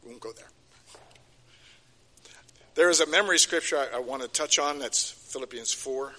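Bright-voiced older man preaching in a reverberant hall. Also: mid-range voice, normal speed. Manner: emphatic, repeats key phrases, voice rising and falling. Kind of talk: sermon.

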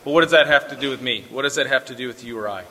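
A man preaching a sermon, mixing scripture reading with relaxed, folksy asides. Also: medium pitch, very fast, long reverb tail. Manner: conversational, folksy asides with fillers. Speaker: pastor.

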